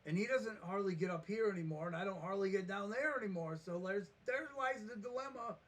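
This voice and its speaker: A man with a fairly high voice talks off the cuff in a vlog. He rambles, trips over his starts and throws himself into acting out every back-and-forth. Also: a little fast. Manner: rambling, animated, restarts and acts out quotes. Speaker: vlogger. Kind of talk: casual storytelling monologue.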